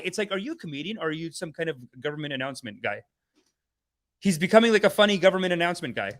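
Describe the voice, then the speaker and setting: A man's voice: high voice, sing-song, fast talker, fairly bright tone. A man hosting a comedic satirical rant in a sarcastic, preachy, mock-guru manner. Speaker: comedic channel host.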